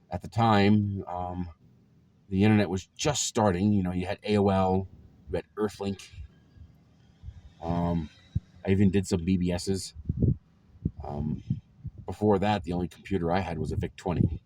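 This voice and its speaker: Deep-voiced guy in his 40s rambling thru old stories, lots of ums, bit of background hiss. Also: normal speed, long pauses, dark tone. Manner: rambling, with many ums and chuckles. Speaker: vlogger. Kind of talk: casual storytelling to camera.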